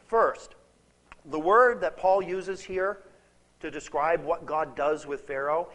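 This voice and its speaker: A man's voice: fairly high pitch, a bit bright, rough recording. A man giving an expository Bible teaching in a conversational way, repeating key words for emphasis and checking in with his listeners. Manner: conversational, checks in with "okay?" and "right?".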